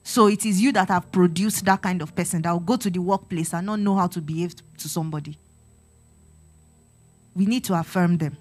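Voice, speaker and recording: An earnest woman preaches to a congregation in a sermon-style teaching. She exhorts her listeners and repeats phrases for emphasis. Faint music plays behind her. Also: mid-range voice. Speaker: church speaker on parenting.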